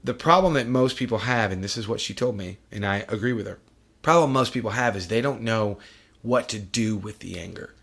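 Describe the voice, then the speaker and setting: A man's voice: on the low side, a little fast, vocal fry, a bit bright. A middle-aged man hosting a podcast, talking bluntly and profanely in casual chat. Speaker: podcast host.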